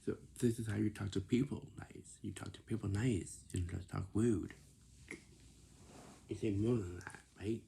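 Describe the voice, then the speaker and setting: A young man giving casual advice, talking in halting phrases that he often restarts and sometimes drops to a whisper. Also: on the low side, steady tone, creaky, dark tone, a little hiss or hum.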